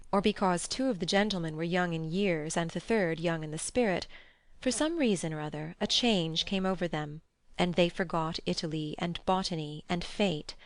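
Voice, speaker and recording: A woman narrating a classic novel as an audiobook, with a measured, expressive reading on a close studio mic. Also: lowish voice. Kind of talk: scripted narration.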